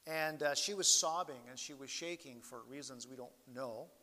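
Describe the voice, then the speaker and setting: A man preaching a sermon as pastor, slow and earnest, his voice swelling and falling in loudness as he stresses each point. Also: medium pitch. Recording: long hall reverb.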